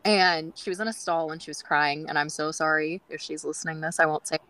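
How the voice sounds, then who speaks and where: A woman's voice: low-pitched, fairly even intonation, fairly quick, sharp tone, no room sound, rough recording. A woman guest on a groomers' podcast, telling stories in a chatty way with many fillers and acting out quoted dialogue. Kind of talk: casual storytelling interview.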